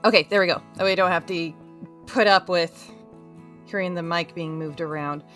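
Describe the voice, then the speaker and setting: A woman's voice: lowish voice, steady tone, normal speed, fairly bright tone, faint music behind. A woman hosting a casual crochet live stream, bubbly and giggly, greeting her chat one by one.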